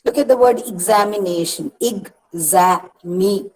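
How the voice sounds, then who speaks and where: Patient woman lecturing, slow repeated examples. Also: mid-range voice, darkish tone, low-quality recording. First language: Malayalam. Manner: explains patiently, repeats words slowly, corrects herself. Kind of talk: recorded lecture.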